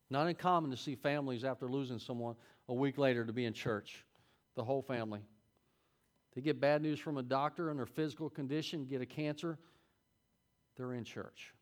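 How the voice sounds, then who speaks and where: A middle-aged man delivers a sermon to his Sunday school class in a folksy, conversational way. His voice sits in a middle pitch, and it swings from quiet asides to sudden loud peaks. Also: fairly quick, long pauses.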